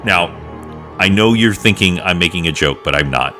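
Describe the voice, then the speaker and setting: A man's voice: low voice, expressive, normal speed, bright, forceful tone, soft background music. A man narrating as dungeon master in a rambling, casual way with many fillers. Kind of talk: narrating a tabletop game.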